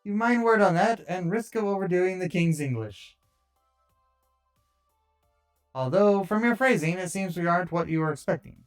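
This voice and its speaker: A man's voice: high-pitched, sing-song, normal speed, faint music behind. A man voicing a courtly, roguish male arcade thief with theatrical, old-fashioned phrasing, reading a visual novel aloud. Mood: gallant.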